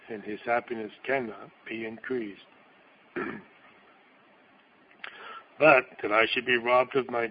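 A man's voice: medium pitch, highs cut off, a little hiss or hum. A man reading a sermon aloud in a solemn, declamatory manner, voicing quotations dramatically. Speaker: preacher.

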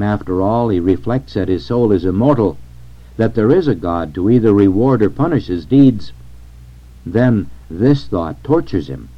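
A man reading a sermon aloud in a solemn, measured way. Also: lowish voice. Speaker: reader of a sermon. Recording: dull lo-fi recording.

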